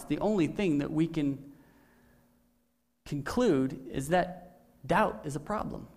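A man's voice: a little high, darkish tone. A male pastor preaching a sermon in a conversational way, often checking in with "right?".

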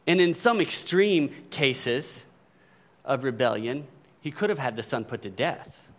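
Speaking at a medium pitch and a slightly slow pace, this pastor sounds expressive as he delivers his sermon. His style is conversational, full of "right?" asides as he keeps checking in with the congregation.

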